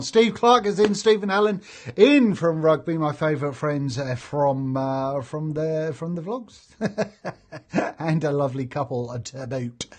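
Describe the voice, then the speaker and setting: A man hosting a casual live stream, chatting and reading out viewer comments, jokey and laughing easily. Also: on the high side. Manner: chatty and jokey, laughs often, many fillers. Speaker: host of a live vaping stream.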